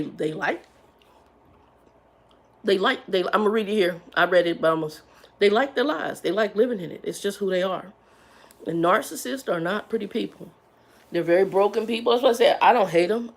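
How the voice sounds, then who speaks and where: A woman chats on a livestream in a loose, rambling way, calling her viewers "y'all" and greeting them by name. Her voice has a gravelly fry to it, and she sounds a little congested from sinus drainage. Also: mid-range voice, fairly quick. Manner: Southern-style slang, "y'all". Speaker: livestream host. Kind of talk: casual livestream chat.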